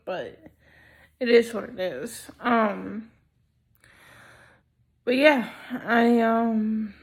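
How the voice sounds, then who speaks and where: A young woman talking slowly in a casual personal vlog, hesitant with many pauses and ums, sounding sleepy and not fully awake. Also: a little high. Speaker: vlogger.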